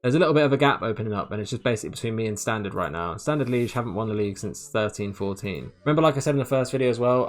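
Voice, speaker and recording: Chatty, excitable man commenting on a game. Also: on the low side. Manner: chatty, excitable, laughs often, stumbles over words. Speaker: gaming YouTuber.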